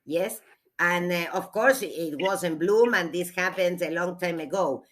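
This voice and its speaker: A woman, a literature teacher giving a classroom lecture, reading aloud slowly and explaining with hesitations. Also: on the low side, a bit bright.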